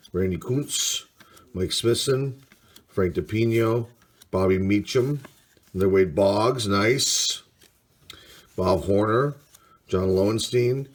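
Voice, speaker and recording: Card-break host: man, low voice, unhurried, reads names with quiet pleasure. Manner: unhurried, reads names aloud, mild enthusiasm. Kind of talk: casual card-break commentary.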